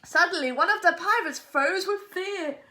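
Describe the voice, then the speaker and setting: Storytime reader, high lively woman's voice, roomy echo. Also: normal speed. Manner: animated, expressive read-aloud. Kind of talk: reading a children's picture book aloud. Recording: echoey room.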